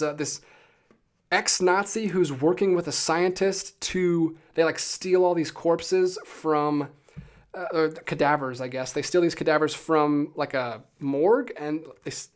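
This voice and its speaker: A live-stream host in casual chat, enthusiastic and talkative, with many fillers and quick asides while reading viewer comments. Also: medium pitch. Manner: enthusiastic and chatty, with frequent fillers.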